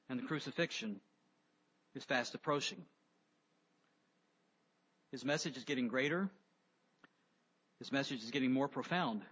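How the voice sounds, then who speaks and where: A man preaching a sermon, emphatic, rising loud on key words and dropping low on others. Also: husky. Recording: dull lo-fi sound with long reverb.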